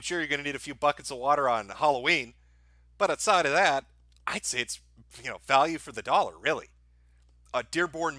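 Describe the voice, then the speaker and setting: A man's voice: on the high side, bright, forceful tone, no echo. A man hosting a live stream from home, giving dry, sarcastic mock praise, swearing now and then and laughing at his own jokes. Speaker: livestream host. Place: home, dogs barking nearby.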